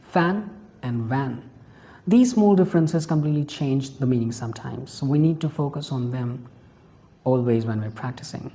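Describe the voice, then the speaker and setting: Mellow-voiced teacher with an Indian accent. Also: medium pitch. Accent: Indian English. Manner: patient and explanatory, repeats points and spells out examples slowly. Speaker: English teacher. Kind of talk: pronunciation lesson.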